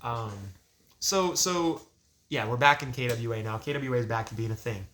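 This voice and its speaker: Bright-voiced young man telling stories. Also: mid-range voice, normal speed, a little hiss or hum. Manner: animated, laughs often, swears casually. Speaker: guest. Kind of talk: casual podcast storytelling.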